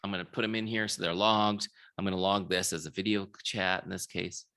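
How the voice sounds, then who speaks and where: A man's voice: sits low, fairly even intonation, brisk, pushed and bright. A man leading an online sales training, telling stories with acted-out dialogue and often checking in with his listeners over a video call. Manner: storytelling, acts out quoted dialogue, checks in with the audience. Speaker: software founder giving a sales training. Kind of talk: live online training talk.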